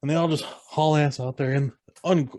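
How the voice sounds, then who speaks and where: A man's voice: on the high side, fairly even intonation, normal speed, a little mellow, dry recording. A man co-hosting a podcast, casually retelling a film scene by scene and acting out lines in raised voices. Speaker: podcast co-host. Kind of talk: casual movie recap chat.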